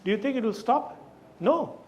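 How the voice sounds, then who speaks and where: A man with a high voice gives an emphatic live talk to a group. He keeps turning to his listeners with questions. He stresses his points hard. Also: animated, normal speed, darkish tone. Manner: emphatic, asks the audience questions. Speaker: speaker leading an awareness session. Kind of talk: live lecture to an audience.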